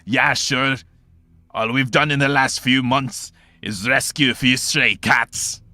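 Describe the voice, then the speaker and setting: A man voicing a short, gruff warrior with a giant battle axe who talks loudly and laughs in big booms. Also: steady tone, a little fast, dry recording. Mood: sarcastic.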